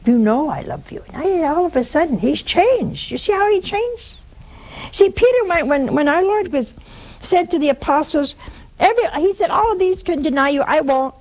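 An older woman giving a Catholic teaching talk to a live audience, telling stories with animated emphasis and dramatic pauses. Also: a little high. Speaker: religious teacher.

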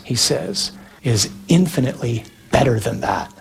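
A man preaching a sermon in an earnest, emphatic way, with slow, deliberate pauses between phrases. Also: a little high, animated, a little mellow, slight background noise.

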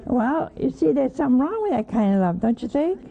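A woman's voice: high-pitched, big pitch swings, fairly quick, gravelly, warm tone. A woman giving an informal sermon in a folksy, questioning way, with chuckling asides. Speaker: religious teacher. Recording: tinny phone-like old recording.

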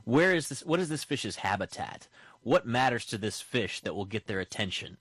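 A man hosting a conversation, relaxed and thoughtful, with some fillers. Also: mid-range voice, normal speed, slightly rough, no echo. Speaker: host. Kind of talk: conversational interview.

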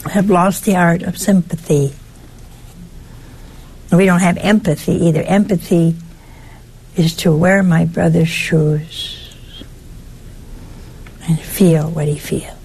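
A woman giving a conversational sermon in a folksy way, asking her listeners rhetorical questions and jumping up in pitch for emphasis. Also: creaky, a little mellow, slightly rough. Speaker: preacher.

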